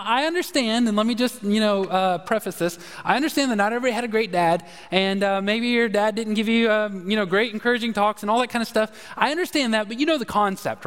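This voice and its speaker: A man's voice: sits high, a bit bright, clear, resonant tone. A middle-aged man preaching a live Sunday sermon in a church service, talking in a conversational, rambling way full of fillers and restarts. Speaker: pastor. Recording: reverberant hall.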